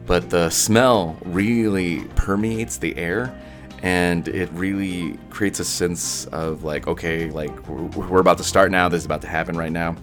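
Deep-voiced man telling a story casually. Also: fairly even intonation, unhurried, a bit bright, faint music behind. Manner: rambling, many fillers and restarts.

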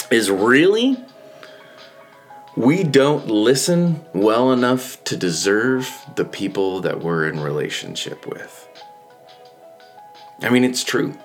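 A man's voice: medium pitch, sing-song, slow pace, long pauses, soft background music. A man giving an earnest, conversational motivational monologue, often repeating phrases for emphasis. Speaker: speaker giving a reflective talk.

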